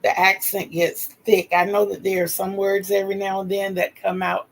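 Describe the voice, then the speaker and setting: A woman's voice: medium pitch, level tone, normal speed, poor audio. An older woman in her sixties from North Carolina with a Southern accent, chatting casually and homey on her livestream as host.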